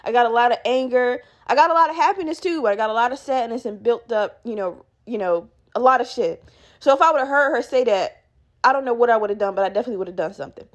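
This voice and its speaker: A woman hosting a podcast, telling a workplace story in a casual, animated, heavily profane way and acting out what people said. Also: on the high side, fast talker, muffled recording. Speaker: podcast host.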